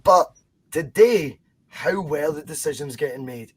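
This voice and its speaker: A man's voice: on the high side, lively intonation, a little slow, slightly rough. A Scottish man co-hosting a football fan podcast, arguing his point emphatically and insistently. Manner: emphatic, insistent, addresses co-host by name. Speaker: podcast co-host. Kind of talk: heated fan podcast discussion.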